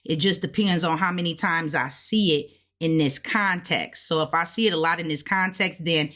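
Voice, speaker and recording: A woman's voice: low voice, normal speed, a bit bright. A woman giving a casual self-taught language lesson, thinking aloud as she goes and repeating words to sound them out. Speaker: language learner teaching what she studies.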